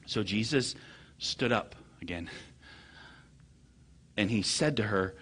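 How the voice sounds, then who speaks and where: Husky, animated preacher man. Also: takes it slowly, pauses often. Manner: animated storytelling preacher, voice swings from low murmurs to loud high bursts. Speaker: pastor. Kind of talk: sermon.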